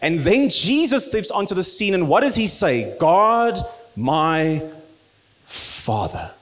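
A man preaching a sermon, rising to loud emphatic peaks and dropping to hushed, low tones. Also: very animated, moderate pace. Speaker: pastor.

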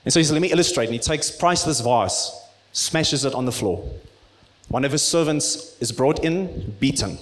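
A man preaching a sermon, rising to loud emphatic peaks and dropping to hushed, low tones. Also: expressive, normal speed. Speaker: pastor.

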